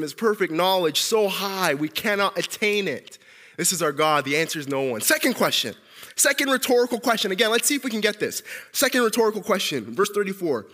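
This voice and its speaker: A man preaching a sermon as pastor, animated, calling out questions for listeners at home to answer. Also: fairly high pitch, fairly quick, big-room sound.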